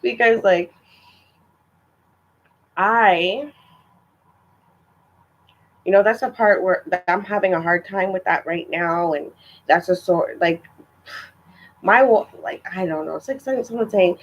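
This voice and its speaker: A woman's voice: on the low side, slow pace, long pauses, low-quality recording. A young woman telling a story in a casual vlog, chatty and exasperated, with lots of filler words. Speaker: vlogger.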